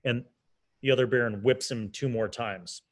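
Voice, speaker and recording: A man's voice: medium pitch, fairly even intonation, moderate pace. A man running a tabletop game as game master, narrating the scene in a casual, descriptive way. He talks loosely, with fillers and restarts.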